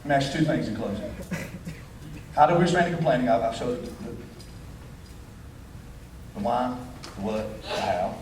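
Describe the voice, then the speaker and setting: A man preaching a sermon as the pastor, in a folksy, animated style sprinkled with dialect. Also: medium pitch, normal speed, long pauses, background noise. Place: church sanctuary. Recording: echoey church hall from far off.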